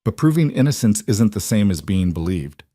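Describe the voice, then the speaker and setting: Low-voiced male story narrator, dry. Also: dry recording. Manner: steady, measured storytelling. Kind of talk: scripted narration.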